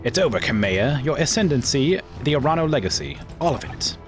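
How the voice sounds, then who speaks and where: A man's voice: medium pitch, very animated, a little fast, music in the background, voice pushed up, close to an everyday voice. A male streamer voicing a proud young noblewoman who betrays her friend, reading her lines aloud in a raised voice. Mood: cold. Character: proud young noblewoman turned traitor, cold.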